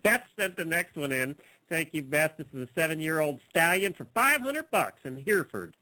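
A man's voice: a little high, very animated, a little fast, pushed and bright, no room sound, low-quality recording. A man co-hosting a casual chat show, teasing his co-host in a wry way.

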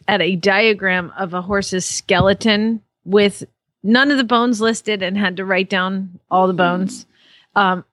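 A woman's voice: medium pitch, a bit bright, no room sound. A middle-aged woman who chats casually about her studies and laughs easily. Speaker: student taking an exam. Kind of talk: casual chat.

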